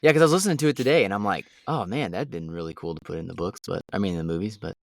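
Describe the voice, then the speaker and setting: Brief: very low male voice, rambling podcast co-host, dry close sound. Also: very fast, gravelly, no room sound. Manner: rambling, trailing off. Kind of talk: casual book discussion.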